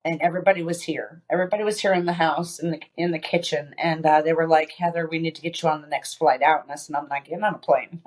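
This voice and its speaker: A woman being interviewed on a podcast, telling a personal story with many pauses, fillers and restarts. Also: low-pitched, steady tone, darkish tone. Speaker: podcast guest.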